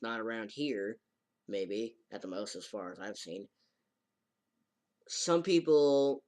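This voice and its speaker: A man recaps an episode in a loose, casual way at a middling pitch. He rambles, stops and restarts, and leans on fillers. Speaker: anime reviewer.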